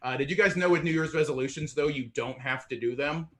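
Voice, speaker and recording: A man from Indiana doing a stand-up set on an online show, out of breath and self-deprecating, halting over fillers and laughing into his punchlines. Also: a little high, a bit bright. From Indiana, USA. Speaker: stand-up comedian.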